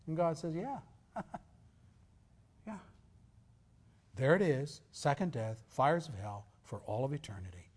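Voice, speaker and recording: A male pastor preaching a sermon, swinging from loud emphasis to near whispers. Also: medium pitch, animated, normal speed, hardly any pauses.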